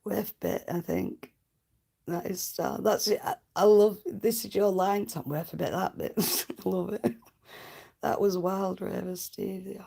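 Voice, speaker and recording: Gravelly, husky woman streamer. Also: medium pitch, unhurried, mellow. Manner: chatty, laughs often, cheeky banter. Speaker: livestream host. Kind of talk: casual livestream chat with viewers.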